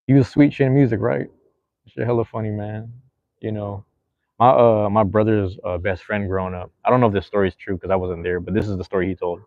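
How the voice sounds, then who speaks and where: Hosting a podcast, this man reads live chat in a relaxed, rambling way, slangy and thick with fillers. His voice is on the low side, with fairly even intonation and a fairly quick pace, and the recording is dry, with narrow, tinny audio.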